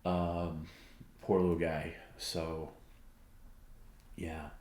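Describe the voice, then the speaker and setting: A man's voice: rumbling low, level tone, very slow, a little mellow, roomy sound. A man co-hosting a casual livestream, reading viewer comments aloud in a loose, rambling way. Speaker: stream co-host.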